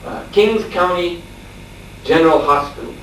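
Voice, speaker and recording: Male spiritual teacher, lively storyteller, captured from a distance in a very echoey room with faint noise behind. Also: a little high, moderate pace. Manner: animated storyteller, laughing, acting out shouts. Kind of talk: storytelling lecture.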